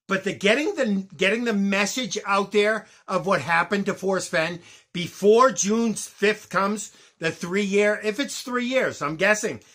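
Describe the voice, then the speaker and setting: A man's voice: high-pitched, pushed and bright. A man ranting angrily into the camera, swearing hard and tripping over his words. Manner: angry, profane, repeats words and restarts. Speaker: vlogger. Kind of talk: angry ranting vlog.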